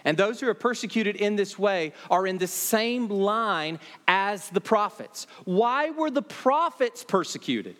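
A man preaching an expository sermon, emphatic and repeating key phrases, often dropping his voice low to land a point. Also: lively intonation, a little slow, few pauses, fairly bright tone, big-room sound. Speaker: pastor.

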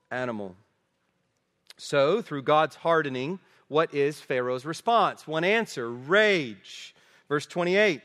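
Pastor guy preaching, swings from punchy highs to quiet drops, big echoey church hall. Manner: emphatic, rising to forceful peaks and dropping low at phrase ends. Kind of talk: sermon. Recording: long reverb of a large hall.

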